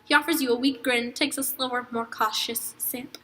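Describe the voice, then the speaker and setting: Bright young woman reading aloud. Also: fairly high pitch, fairly even intonation, normal speed, rough recording. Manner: crude, joking asides. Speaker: reader. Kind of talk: reading fan fiction aloud with friends.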